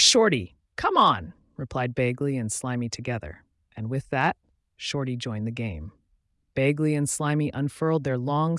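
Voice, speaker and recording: A man narrating a children's storybook in a gentle, lilting reading manner. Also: mid-range voice, no room sound, clean studio sound.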